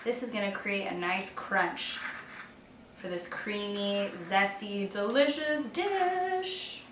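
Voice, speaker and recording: A woman in her twenties speaks slowly in a level, medium-pitched voice while leading an upbeat, chatty kitchen cooking demo full of self-deprecating jokes. The sound is roomy and distant, with faint guitar music and background noise.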